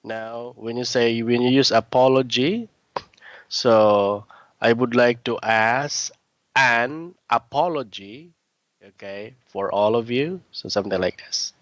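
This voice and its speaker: A man teaching a one-on-one English lesson, patiently correcting his student's words and often clearing his throat. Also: medium pitch, takes it slowly, a bit bright, no echo. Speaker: English tutor.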